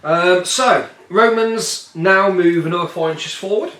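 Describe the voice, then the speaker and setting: A man casually talking through a solo tabletop wargame, rambling and joking, with a fairly high voice. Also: a little slow, fairly bright tone. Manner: rambling and jokey, puts on silly voices for the miniatures. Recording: echoey room.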